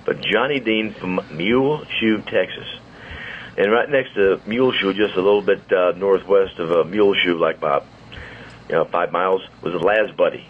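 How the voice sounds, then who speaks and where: Low-voiced older radio host spinning stories. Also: male voice. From St. Louis. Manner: chatty storyteller, quick asides. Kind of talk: casual radio chat. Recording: muffled studio audio with faint hiss.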